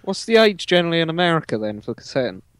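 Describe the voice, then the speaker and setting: Guy cracking dry one-liners on a podcast, pitch jumps all over, dead dry sound. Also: big pitch swings, fast, clear, resonant tone, no echo. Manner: dry one-line quips. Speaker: podcast co-host. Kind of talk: casual comedy podcast chat.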